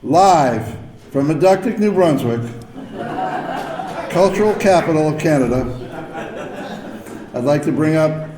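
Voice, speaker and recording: A man's voice: fairly high pitch, lively intonation, a little slow, long pauses, dark tone. A man as host, introducing the next speaker with a joke. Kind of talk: emcee introduction. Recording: roomy hall with crowd and noise.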